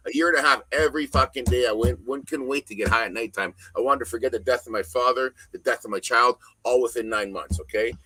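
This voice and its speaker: A middle-aged man talking as a podcast guest, ranting bluntly with heavy profanity and loud emphasis. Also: mid-range voice, fast, hardly any pauses, a little hiss or hum, rough recording. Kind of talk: casual podcast conversation.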